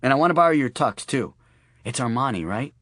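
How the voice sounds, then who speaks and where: A man's voice: medium pitch, expressive, fairly quick, fairly bright tone, no echo, pitched above the performer's own voice, lightly acted. A male narrator voicing a brash adult woman who talks bluntly and swears, with a dry close recording. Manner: brusque, teasing and swearing.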